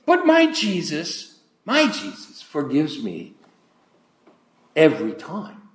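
An older male preacher voicing a defiant teenage girl in a high, drawn-out pleading voice within a sermon. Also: huge pitch swings, roomy sound, heavily acted.

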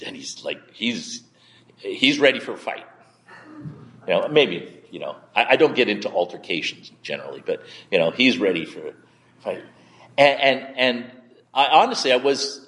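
Halting, low-voiced male pastor. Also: very animated, a bit bright, big-room sound. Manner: halting, repeats words often; conversational, candid. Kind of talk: sermon with personal story.

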